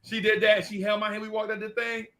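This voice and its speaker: Middle-aged NY man, animated storyteller, bright, higher voice; does all the voices. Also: quick pace. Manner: playful, acts out every character's voice. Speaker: podcast co-host.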